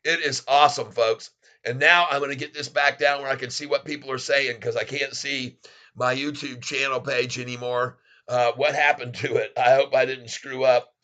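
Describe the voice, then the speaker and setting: Excitable Southern man, bright forceful voice. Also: mid-range voice, moderate pace. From Florida, US. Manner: excitable and effusive, thanks viewers often. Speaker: livestream host. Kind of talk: casual live stream chat.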